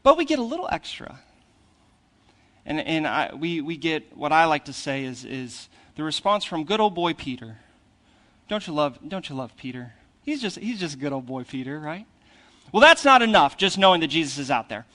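Male pastor, high voice, chatty sermon delivery, swings between loud emphasis and quiet retelling. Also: big pitch swings, normal speed. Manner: conversational, asks "right?" after most points.

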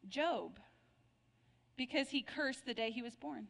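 Woman pastor cracking bible jokes, higher voice, long hall reverb, playful. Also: a little slow, vocal fry, fairly bright tone. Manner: playful, laughs at her own jokes.

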